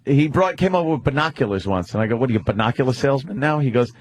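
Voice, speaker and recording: Husky-voiced man telling a story on radio. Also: medium pitch, lively intonation, very fast. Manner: laughing storyteller who imitates friends in quotes. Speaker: radio host. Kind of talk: casual chat.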